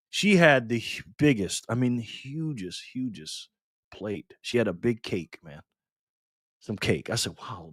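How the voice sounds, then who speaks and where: A man's voice: medium pitch, no room sound, clean studio sound. Laid-back man hosting a live stream. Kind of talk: casual live stream chat reading comments.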